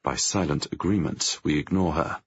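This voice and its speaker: A man narrating a first-person audiobook in a tense, measured way, with a gravelly, husky voice. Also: a bass voice, dry recording. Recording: dry, dull lo-fi audio.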